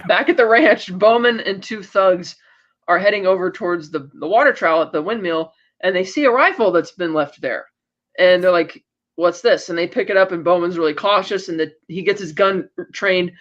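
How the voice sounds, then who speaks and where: A man's voice: high-pitched, normal speed, muffled recording. A man co-hosting a podcast, casually retelling a TV episode scene by scene and acting out the characters' lines. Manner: animated storytelling, acting out quoted lines. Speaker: podcast co-host.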